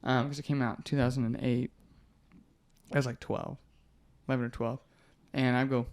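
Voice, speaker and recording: A man in his twenties, an MMA fighter guest on a podcast, telling stories in a loose, animated way, laughing often and swearing casually. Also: medium pitch, moderate pace. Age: 20s.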